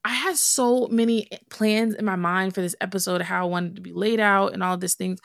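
A woman's voice: mid-range voice, steady tone, moderate pace, gravelly, no echo, clean studio sound. A young adult woman hosting her own podcast, talking candidly and casually as if to a friend. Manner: chatty, candid, talks like to a friend. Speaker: podcast host. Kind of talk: casual solo podcast chat.

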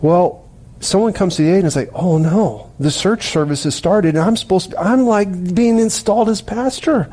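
Pastor guy preaching, tells a long dream story, kinda rambly, restarts a lot, warm mellow tone. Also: high voice, moderate pace.

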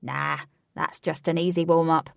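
A woman voicing a loud, cocky male teammate. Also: sits low, fairly even intonation, normal speed, vocal fry, no echo, studio quality. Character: brash boastful male rugby teammate.

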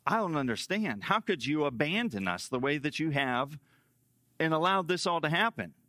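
A man's voice: fairly high pitch, very animated, normal speed, bright, forceful tone, dry recording, clean studio sound, voice pushed up. A man doing a frightened, pleading young man. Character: anxious doubting young man pleading with God.

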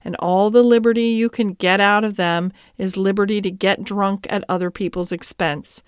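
A woman's voice: medium pitch, steady tone, clean tone, no room sound, clean studio sound, natural voice. A woman reading an earnest, principled cabman. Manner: earnest and measured. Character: steady, principled middle-aged cab driver and father.

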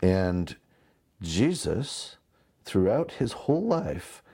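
A man in his thirties delivers a sermon in a relaxed, conversational way, slipping into stories and asides. His voice sits on the low side and sounds warm and mellow. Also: extremely slow, slightly rough. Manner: conversational, animated storytelling with asides. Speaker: pastor.

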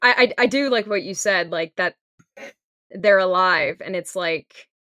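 Bright-toned woman thinking aloud on a podcast. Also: on the low side, a little slow, dry recording. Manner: thinks aloud, frequent "like" and laughs. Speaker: podcast co-host. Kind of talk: casual film discussion.

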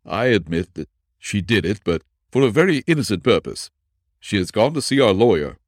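A man's voice: fairly low pitch, big pitch swings, fairly quick, no room sound, clean studio sound. A man voicing a nervous male suspect who protests his innocence in a raised, exclamatory way. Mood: defensive.

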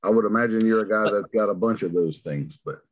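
A man's voice: fairly low pitch, quick pace. A man hosting an interview, asking short questions in a playful, upbeat way. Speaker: interview host. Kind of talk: rapid-fire interview questions.

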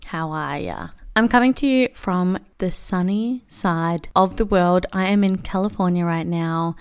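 A woman's voice: on the low side, a little slow, clear, resonant tone. A young Australian woman hosting her own podcast, talking to listeners in a chatty, upbeat solo style. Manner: chatty, upbeat, self-deprecating. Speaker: podcast host. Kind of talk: casual solo podcast chat.

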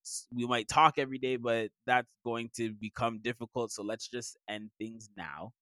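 A man's voice: moderate pace, fairly bright tone, no echo, clean studio sound. A young man co-hosting a teacher podcast, telling classroom stories in casual chat. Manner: storytelling, acts out students in a high voice. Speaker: podcast co-host, middle school teacher.

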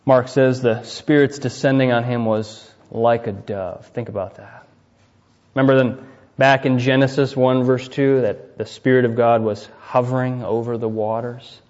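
A man of middle pitch preaching a sermon in a large hall, with a long, ringing reverb behind every phrase. He often turns to his listeners with "right?" and swings between loud, emphatic peaks and quiet, falling endings. The recording sounds dull and slightly muffled. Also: fairly even intonation, moderate pace. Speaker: pastor.

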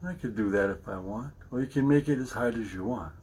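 A man's voice: mid-range voice, fairly quick, loud music behind the voice. A middle-aged man hosting his podcast in a casual, rambling monologue, chatty and laughing often as he restarts his sentences. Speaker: podcast host.

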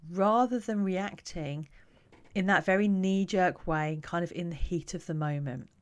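A woman who coaches parents, talking to camera in a calm, reflective, conversational way. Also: fairly low pitch.

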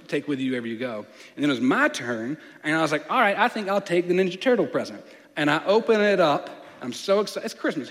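A man, preaching a sermon as a playful, animated storyteller. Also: a little high. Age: late 20s. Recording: long reverb of a large hall.

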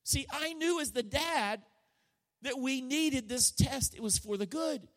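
A middle-aged pastor preaching with a high, bright-edged male voice. He tells a personal story with feeling, rising to loud declarations and dropping to near-hushed passages. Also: measured pace. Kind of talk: sermon.

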